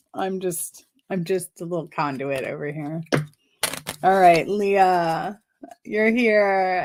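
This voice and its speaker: A woman's voice: on the low side, slight background noise. A woman giving live numerology card readings, effusive and giggly, often repeating affirmations. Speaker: numerology reader.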